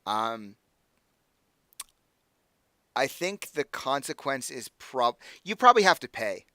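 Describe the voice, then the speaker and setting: A young adult man narrating as game master, casual and halting, with many fillers and restarts. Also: mid-range voice, sing-song, pushed and bright, dry recording.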